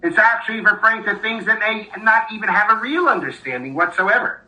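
A man's voice: sits high, a little fast, pushed and bright, poor audio. A man giving a Torah class in a thoughtful way, with many fillers and restarts as he explains a text and reads a story aloud. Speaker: Torah teacher.

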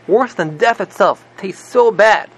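A man teaching a casual religious class, retelling a story in an animated way and constantly checking in with "right?". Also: sits high, a little slow, background noise. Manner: animated, repeats "right?" constantly, many restarts.

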